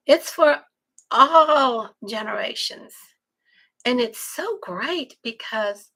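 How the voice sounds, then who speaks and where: A middle-aged woman from South Texas with a Texan accent, chatting casually on a live stream, greeting viewers and pitching a webinar in a folksy way. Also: gravelly, sharp tone, slightly rough, rough recording. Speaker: online marketing promoter.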